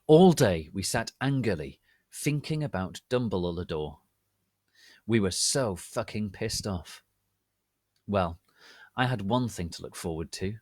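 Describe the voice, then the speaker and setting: A man reads fan fiction aloud in a slow, deliberate, deadpan way. His voice sits a little low, and the sound is dry and close, with no room to it. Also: dry recording. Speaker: reader. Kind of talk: dramatic reading of fan fiction.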